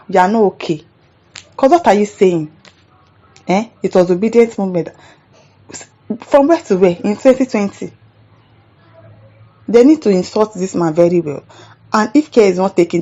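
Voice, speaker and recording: A woman's voice: medium pitch, expressive, normal speed, long pauses, warm tone, highs cut off. A woman with a Nigerian accent hosting a commentary show, reacting to viewer comments in an exasperated, indignant rant.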